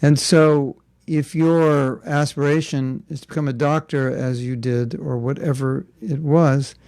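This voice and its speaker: Male spiritual teacher, gravelly, casual lecturing with rhetorical asides. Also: fairly high pitch, steady tone, unhurried, darkish tone, no room sound. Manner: conversational, rhetorical questions and joking asides. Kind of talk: informal spiritual class.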